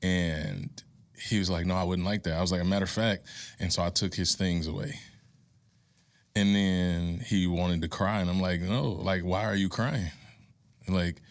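Deep-voiced earnest man giving parenting advice. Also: fairly even intonation, moderate pace. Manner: earnest, building to impassioned preaching. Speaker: podcast guest.

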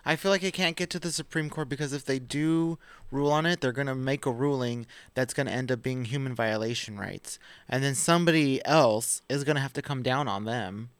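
A man of average pitch co-hosting a casual podcast, reading news aloud and breaking off to joke and curse. The sound is dry and close, with little room echo. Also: fairly quick, few pauses, clear, resonant tone. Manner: chatty, swearing, laughs while reading. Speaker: podcast co-host.

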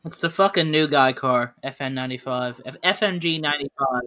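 A man's voice: medium pitch, brisk, sharp tone. A man co-hosting a podcast, telling loose, rambling anecdotes packed with "like" in a casual chat. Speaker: podcast co-host.

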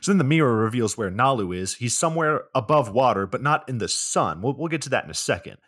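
A man co-hosting a podcast, recapping a movie in a deadpan, sarcastic way and swearing often. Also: medium pitch, fast, no echo, clean studio sound. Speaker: podcast co-host.

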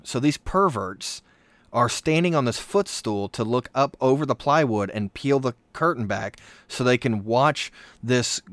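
A man's voice: medium pitch, no room sound. Self-mocking man telling a story. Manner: animated, self-mocking storyteller, quick asides. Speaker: co-host telling a childhood story. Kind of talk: casual storytelling chat.

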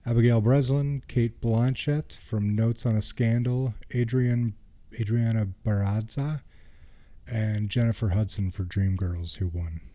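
Male co-host, mellow voice, matter-of-fact reader. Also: on the low side, fairly even intonation, measured pace. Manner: matter-of-fact, reads out lists. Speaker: podcast co-host. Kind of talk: casual movie-review chat.

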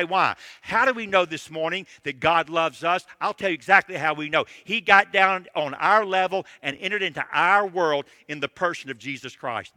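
A man's voice: high-pitched, sharp tone, no room sound, in a large hall. A man in his sixties preaching a sermon, emphatic and direct, laying out numbered points.

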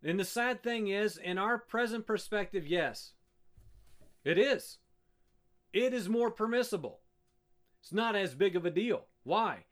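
A man delivering a sermon from the pulpit. His voice sits high and swings widely in pitch as he presses the congregation with pointed rhetorical questions. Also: unhurried, long pauses. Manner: rhetorical questions, emphatic and animated. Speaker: pastor.

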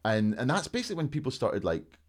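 Fast-talking Scottish man, rambling stories. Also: medium pitch. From north of Scotland. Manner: rambling, animated storyteller. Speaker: podcast guest. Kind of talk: casual chat.

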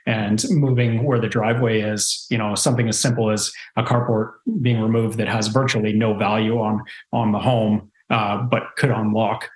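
A man's voice: on the low side, little pitch movement, moderate pace, few pauses. A man telling a story in a casual interview, rambling with many fillers and restarts. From Canada. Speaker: real estate investor guest. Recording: roomy echo.

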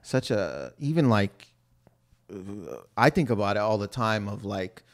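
A man chatting as a podcast guest, telling anecdotes in loose, profane talk full of fillers and acting out other people's lines in loud voices. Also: fairly low pitch, measured pace. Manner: animated storyteller who acts out quotes in loud voices. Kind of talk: casual chat, anecdotes.

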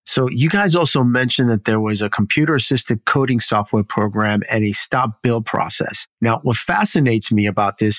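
A man's voice: lowish voice, fairly bright tone, no room sound. A man hosting a podcast, asking inquisitive, conversational interview questions.

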